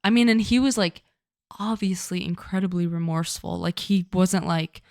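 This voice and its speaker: A woman's voice: fairly low pitch, normal speed, dry recording. Chatty woman podcast co-host, dry sound. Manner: chatty, animated, many fillers like "like". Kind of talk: casual chat.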